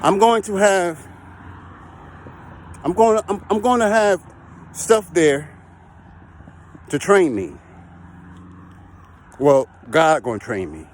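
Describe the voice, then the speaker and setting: A man's voice: sits high, animated, slow, long pauses. A man talking casually to camera about heavy equipment work, repeating himself and checking in with the listener. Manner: repetitive, conversational, keeps checking in with the listener. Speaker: heavy equipment and recovery operator. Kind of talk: casual vlog talk to camera.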